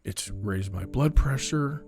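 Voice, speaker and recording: Man, vlogger, lively swooping pitch, dramatic storytelling, faint music underneath. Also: takes it slowly. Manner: dramatic, quotes people in different voices. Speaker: YouTuber telling a story. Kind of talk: animated storytelling vlog.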